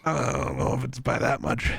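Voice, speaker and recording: A man's voice: medium pitch, moderate pace, vocal fry, a bit bright, slightly rough, no echo. A man co-hosting a podcast in casual sports chat, with teasing, dry, blunt takes. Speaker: podcast co-host.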